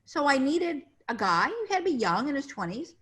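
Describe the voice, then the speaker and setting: Over a video call, a middle-aged casting director chats through a casual interview, sharing industry anecdotes in a high, fairly bright voice with big pitch swings. She talks briskly and acts out the voices she quotes.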